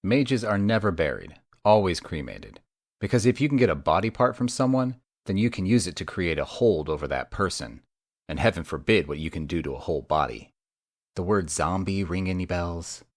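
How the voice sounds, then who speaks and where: Male audiobook narrator, very low voice, dry sardonic delivery, close dry studio sound. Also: sing-song, moderate pace, no echo. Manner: wry and sardonic. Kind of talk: first-person audiobook narration.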